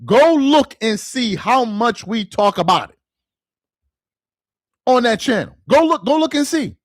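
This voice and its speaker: A man with an extremely high, widely swinging voice speaks a little slowly on a dry recording. He hosts a sports commentary channel and rants to the camera in exasperation, hammering the same phrases again and again for emphasis.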